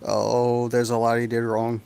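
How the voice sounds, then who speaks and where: A man's voice: medium pitch, completely flat delivery, unhurried, creaky, darkish tone, clear, resonant tone. A man bantering on a stream, mocking and laughing at his own jokes. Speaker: stream guest.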